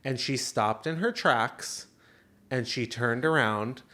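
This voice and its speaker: A man's voice: medium pitch, slow pace. A man in his thirties co-hosting a podcast, telling a story in casual chat with lots of fillers and restarts. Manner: animated storyteller, many fillers and self-interruptions. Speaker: podcast co-host.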